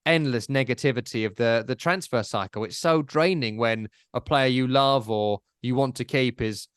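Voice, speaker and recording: A man co-hosting a casual football podcast, animated and jokey, often mimicking commentators. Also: medium pitch, normal speed, clear, resonant tone, no echo, studio quality. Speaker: podcast co-host.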